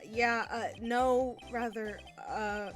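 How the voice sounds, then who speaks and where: A woman's voice: medium pitch, sing-song, moderate pace, faint music behind. A woman voicing a flustered young male lawyer, hesitant and stammering. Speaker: video game character.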